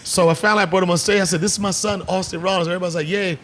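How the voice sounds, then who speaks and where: The man's voice is high-pitched and rapid-fire over slight background noise. A middle-aged comedian and guest on a bar set, he chats casually, telling stories with acted-out voices and plenty of swearing.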